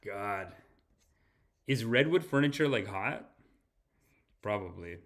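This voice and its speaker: A man's voice: medium pitch, animated, normal speed, a bit bright. A man hosting a podcast, reacting to clips in a casual, joking, profane way. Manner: joking, profane, laughing often. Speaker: podcast host.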